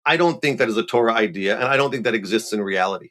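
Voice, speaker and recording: A middle-aged man from Montreal, a rabbi explaining ideas in a relaxed conversational way, animated and playful with quick asides. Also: lowish voice. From Montreal, Canada. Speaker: rabbi, guest.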